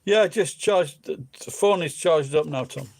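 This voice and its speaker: A man's voice: on the high side, a little slow, creaky, darkish tone. Crude rambling man. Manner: crude, swears freely, meandering. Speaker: vlogger. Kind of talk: casual rambling monologue.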